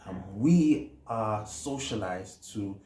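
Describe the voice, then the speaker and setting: A man with a South African accent, a counselling psychologist, telling a personal story in a measured, hesitant way with many fillers. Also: on the low side, lively intonation, dark tone. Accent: South African English. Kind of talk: reflective personal talk. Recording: echoey room with faint noise.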